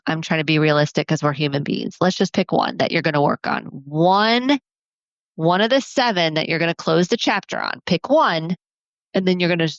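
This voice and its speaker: A woman hosting a podcast as a family therapist, talking earnestly and encouragingly, counting off her points slowly. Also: lowish voice, no room sound, muffled recording. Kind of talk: solo podcast talk.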